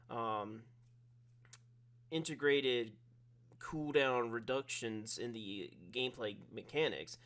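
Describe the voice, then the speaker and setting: A man's voice: mid-range voice, a bit bright. A man giving a rambling, analytical game review voice-over, often correcting himself mid-sentence. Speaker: gaming video creator.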